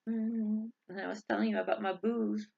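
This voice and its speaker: Gravelly, rambling vlogger on a lo-fi mic. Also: mid-range voice, level tone, normal speed, a little mellow. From United States. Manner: rambling, tangential, self-interrupting. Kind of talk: casual rambling monologue. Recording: dull lo-fi recording.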